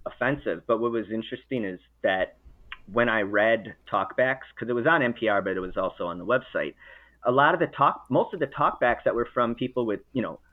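A man's voice: medium pitch, a little fast. Man, casual talk-show host, rambling and self-correcting, tinny phone-like audio. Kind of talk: casual chat. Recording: narrow phone-like sound.

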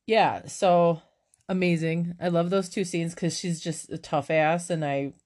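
A woman's voice: fairly low pitch, measured pace. A woman co-hosting a casual movie chat, swearing freely and laughing often as she recounts favorite scenes. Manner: profane, animated, laughs often.

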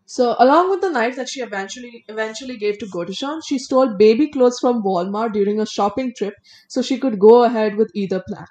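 A woman's voice: on the high side, brisk, hardly any pauses, a little mellow. A woman recounting a criminal case in a casual podcast chat, reading out details and adding blunt opinions. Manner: reads case details then adds blunt opinions, some stumbles. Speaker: co-host.

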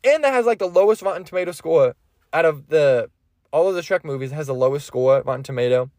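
Young male podcast host, somewhat high voice, loose and profane, dry close recording. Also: brisk, a little mellow, dry recording. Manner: rambling, profane, laughing at his own jokes. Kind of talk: casual solo movie chat.

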